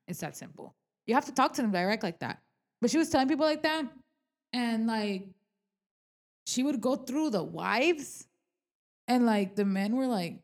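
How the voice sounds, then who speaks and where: A woman's voice: mid-range voice, fairly quick. A young woman co-hosting a podcast, talking candidly about her work, swearing often and acting out what people said. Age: young adult. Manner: candid and animated, frequent swearing and filler words; acts out quoted dialogue. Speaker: podcast co-host, real estate agent. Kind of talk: casual podcast chat.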